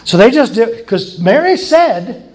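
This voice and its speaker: Male preacher, high voice, casual sermon style with laughing asides and repeated emphasis. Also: big pitch swings, measured pace, a little mellow. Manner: conversational, chuckling asides, emphatic repetition. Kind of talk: informal sermon teaching.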